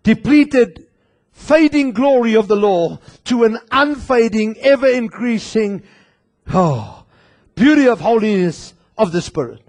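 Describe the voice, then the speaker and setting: A male pastor preaching an impassioned sermon to his congregation, at times raising his voice to a shout and talking straight to them. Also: sits high, expressive, a little slow. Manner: talks directly to the congregation. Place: church.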